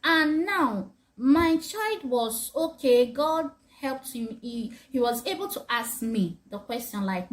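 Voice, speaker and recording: A woman's voice: high voice, big pitch swings, a little slow. A woman talking earnestly to parents, advising them as a mother, often repeating herself and laughing. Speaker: mother giving parenting advice. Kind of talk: casual advice talk to parents.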